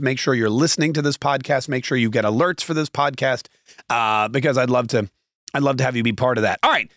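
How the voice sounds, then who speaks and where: A man's voice: on the high side, a bit bright, no echo, studio quality. A man hosting his own podcast, telling opinionated stories in a loose, rambling way full of asides and fillers. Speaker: podcast and radio host. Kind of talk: solo talk-show monologue.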